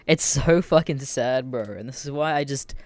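Ranting casually on his podcast, a young adult Australian man speaks a little slowly in a mid-range voice with no echo. He's animated and profane, cursing heavily and laughing a lot.

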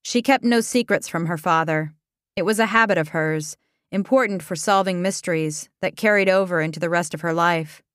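A woman reading a comic story aloud as narrator, in a deadpan way. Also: on the low side, normal speed, dry recording, clean studio sound.

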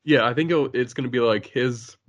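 A man co-hosting a casual podcast chat, excitable and laughing often, breaking into goofy voices. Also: medium pitch, fairly quick. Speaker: podcast co-host.

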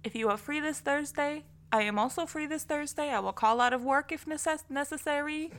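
Giggly young woman, bright voice. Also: high voice, a little fast. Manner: giggly, swears often, gushing. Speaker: podcast co-host. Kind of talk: casual chat. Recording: cheap echoey microphone.

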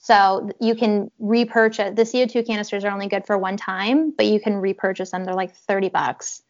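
A woman casually chatting, telling an animated personal story and acting out what people said. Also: medium pitch, brisk, lo-fi sound. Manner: animated storytelling, acts out quotes, laughs often. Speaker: horse rider telling her story. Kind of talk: casual podcast chat.

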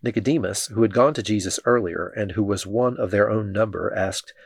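A man reading Bible passages aloud in a steady, measured way. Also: on the low side, creaky, slightly rough, no echo, studio quality. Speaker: scripture reader.

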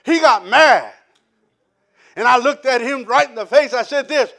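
A man preaching from the pulpit, his voice sitting very high. He tells his testimony with animated energy, acting out the people he quotes. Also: a little slow, creaky. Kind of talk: sermon testimony.

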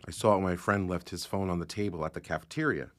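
A man's voice: sits low, quick pace, no echo, studio quality, lightly acted. A man performing a shaken young man recounting his trauma in tense, fragmented lines of a spoken word drama. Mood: anguished. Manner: tense, fragmented confessional delivery. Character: young man shaken after being outed and assaulted.

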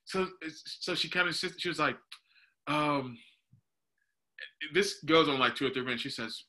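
A man's voice: fairly high pitch, moderate pace, pauses often, pushed and bright. A young man, animatedly telling a story on a casual podcast, laughing and calling his listener "dude.". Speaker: podcast co-host.

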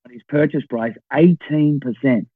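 A man in his sixties, a guest telling an animated story and checking in with his listeners as he goes. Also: mid-range voice, moderate pace, dry recording. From Australia. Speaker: podcast guest, property investor. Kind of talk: storytelling in a conversation. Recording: tinny phone-like line, dry.

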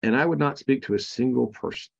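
Frank, halting male veteran storyteller. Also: mid-range voice, creaky, muffled recording. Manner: frank, halting, many fillers and restarts. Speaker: podcast guest, Marine veteran. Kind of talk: candid personal storytelling.

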